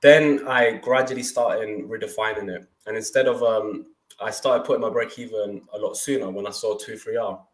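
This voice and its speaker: A man's voice: lowish voice, steady tone, moderate pace, few pauses, echoey room, rough recording. A young man co-hosting a trading livestream, talking casually and energetically, often restarting his sentences.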